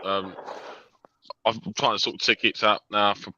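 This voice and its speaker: A man's voice: fairly low pitch, flat delivery, measured pace, sharp tone, muffled recording, a little hiss or hum. A man giving candid reactions in a fan chat after a match, often repeating himself. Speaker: fan panel guest.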